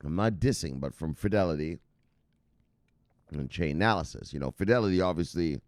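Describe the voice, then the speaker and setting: A man's voice: sits low, animated, normal speed, a little mellow, no room sound, clean studio sound. A man hosting a crypto news show in casual, profane commentary, brash and laughing at his own jokes. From United States.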